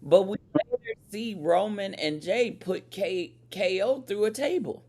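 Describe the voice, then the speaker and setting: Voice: mid-range voice, sing-song, unhurried, darkish tone. A podcast host in casual chat, recapping events and handing the talk to co-hosts.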